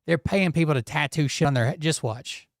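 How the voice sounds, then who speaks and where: Rambling, slightly hoarse male streamer host. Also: fairly high pitch, brisk, no echo, clean studio sound. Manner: rambling, self-deprecating, offhand cursing. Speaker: show host. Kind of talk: casual live-stream commentary.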